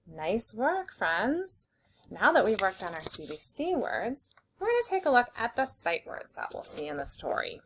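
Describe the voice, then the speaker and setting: A woman teacher leading a phonics lesson for young children, slowly sounding out words and giving simple, encouraging instructions. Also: mid-range voice, very animated. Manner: slow, clearly segmented sounding-out of words.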